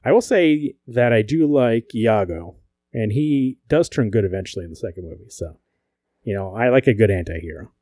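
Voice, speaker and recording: Speaking at a normal speed in a lowish voice, this man co-hosts a podcast with no echo on the recording. He's profane and jokey, telling stories with animation in casual chat.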